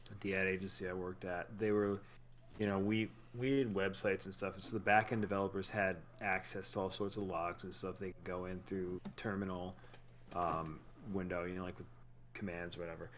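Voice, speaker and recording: A man's voice: low voice, little pitch movement, fairly quick, a bit bright, slight background noise. A man co-hosting a casual podcast, telling rambling, filler-heavy work anecdotes. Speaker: podcast co-host. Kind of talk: casual profane chat.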